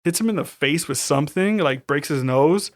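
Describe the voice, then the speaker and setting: A man's voice: fairly high pitch, normal speed, no echo, clean studio sound. A man co-hosting a podcast, recapping a horror movie in casual, profane chat. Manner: profane, animated storytelling with acted-out quotes. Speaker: podcast co-host.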